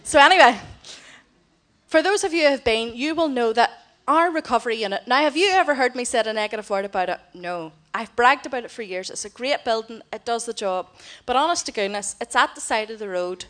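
Speaking a little fast in a bright, animated, somewhat high voice, this middle-aged woman shares a heartfelt mission report with her church. As a missionary speaker, she tells stories warmly and takes on the voices of those she quotes.

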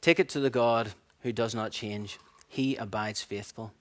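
A man preaching a sermon, animated and storytelling, acting out voices and laughing at his own stories. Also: fairly low pitch, a little slow.

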